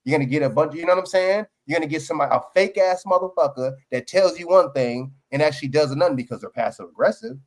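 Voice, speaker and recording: New guy going off on a podcast, kinda high voice, swearing a lot, keeps restarting. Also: quick pace, hardly any pauses. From New York. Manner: profane, heated ranting with many restarts. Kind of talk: heated political podcast chat.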